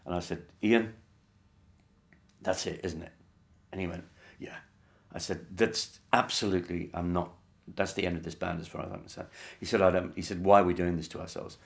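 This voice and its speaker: Deep-voiced man telling wry anecdotes. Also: steady tone, gravelly. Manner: wry, measured, with many fillers. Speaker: interviewee, band member. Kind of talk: anecdotal interview storytelling.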